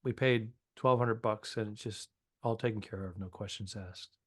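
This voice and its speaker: A man's voice: lowish voice, steady tone, fairly bright tone, husky. Man tossing in indignant reactions. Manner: quick reactive interjections, indignant asides. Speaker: podcast co-host. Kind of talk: casual comedic banter.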